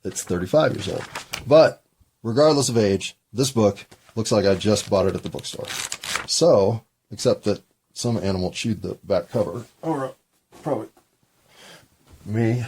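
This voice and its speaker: A man's voice: fairly low pitch, lively intonation, normal speed, long pauses, a little mellow, slight background noise. A man in his fifties in a casual, rambling, self-deprecating solo monologue. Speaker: solo podcaster.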